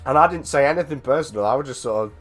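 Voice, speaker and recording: A British man chatting casually with a friend, telling an animated story, swearing freely and often restarting his sentences. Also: medium pitch, quick pace, soft background music. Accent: British English. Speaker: streamer. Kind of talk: casual chat on a voice call.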